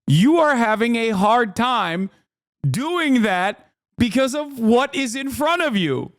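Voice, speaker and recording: A man in his thirties streaming a reaction, talking casually and excitedly with laughs and quick bursts of exclamation. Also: high voice, dry recording, clean studio sound. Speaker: streamer reacting to a debate video.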